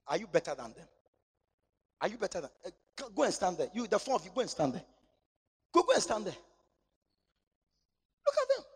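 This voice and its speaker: A man preaching a sermon in church, swinging between shouting and near-whispering. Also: sits high, huge pitch swings, fairly quick, pauses often, husky. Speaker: pastor.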